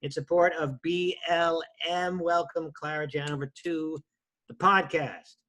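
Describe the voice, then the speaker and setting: Male podcast host, bright tone, wry, hesitant, tongue-in-cheek. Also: on the high side, steady tone, measured pace. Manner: wry, hesitant with many ums. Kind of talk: casual podcast chat, dry humor.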